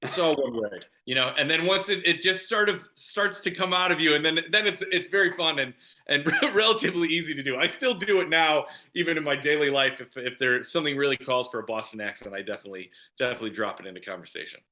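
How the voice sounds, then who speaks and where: A man from Chicago talks casually over a video call with a bright, forceful tone. His pitch sits a little on the high side. He laughs easily and leans on "you know" and "like" as he goes. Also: quick pace. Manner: chatty, laughs often, fillers like "you know". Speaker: actor guest.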